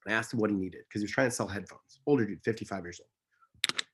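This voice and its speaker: A man's voice: fairly low pitch, quick pace, a bit bright, breathy edge. A man speaking as an interview guest, telling stories in an earnest, passionate, emphatic way that rambles and corrects itself. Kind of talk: casual conversational storytelling.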